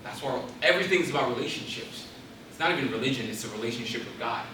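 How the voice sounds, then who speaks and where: A man's voice: medium pitch, expressive, quick pace, recorded from a distance, background noise. A young man giving an intense, preacherly Christian talk to an audience in a large hall, building to emphatic exhortations. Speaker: guest speaker. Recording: very echoey hall, voice off-mic.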